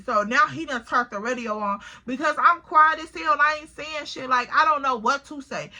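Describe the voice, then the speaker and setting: A young woman telling a storytime vlog, animated and slangy, cursing freely and calling her viewers girl. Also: high-pitched. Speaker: vlogger.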